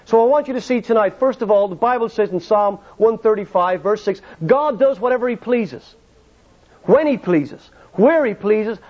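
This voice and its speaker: A man preaching an evangelistic sermon, telling stories and asking the congregation rhetorical questions. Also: very high voice. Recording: dull lo-fi sermon recording.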